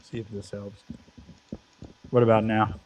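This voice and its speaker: A man's voice: on the low side, flat delivery, unhurried, a little mellow, lo-fi sound. A man in his twenties telling a long, profane rant during casual gaming chat, his mic level fading at times. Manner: profane ranting storyteller. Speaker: Minecraft let's play co-host. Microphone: headset or desk mic, volume fading at times.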